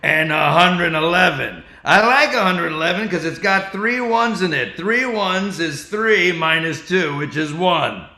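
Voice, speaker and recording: A man doing an impression of a late veteran stand-up comic, riffing in a slow, measured rhythm. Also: high voice, lively intonation, bright, forceful tone, heavily acted. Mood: wry. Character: late male stand-up comic, listing numbers. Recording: roomy echo.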